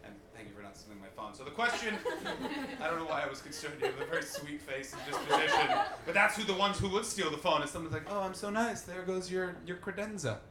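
A man's voice: fairly high pitch, animated, fast talker, reverberant, a loud crowd. A man in his twenties from Canada hosting a live comedy podcast, riffing profanely on audience members. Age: 20s. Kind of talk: live stand-up podcast banter.

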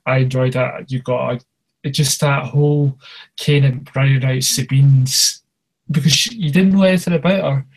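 A man's voice: mid-range voice, steady tone, normal speed. A man in his thirties co-hosting a podcast, chatting casually in an enthusiastic, rambling way and restarting his sentences. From outside the United States. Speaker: podcast co-host.

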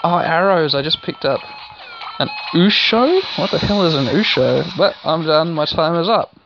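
A man hosting a let's play, rambling excitably through casual game commentary and swearing now and then. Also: on the high side, moderate pace, vocal fry, background noise. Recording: dull lo-fi recording with game music.

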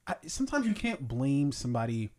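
Male podcast co-host, casual, profane, animated storyteller. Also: mid-range voice, a little fast. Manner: profane, laughing, acts out quotes. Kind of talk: casual chat.

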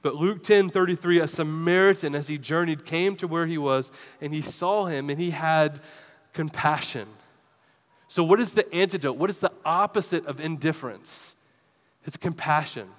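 Speaking at normal speed in a voice on the high side, a male pastor gives a sermon featuring a personal story. He's chatty and self-deprecating toward his congregation in the church sanctuary, where a long reverb tail trails his speech.

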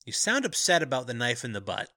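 Podcast co-host, man, very bright tone, relaxed recap with frequent laughs, dry sound. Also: mid-range voice, fast talker, no echo. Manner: laughs often, easygoing recapping. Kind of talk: casual movie recap chat.

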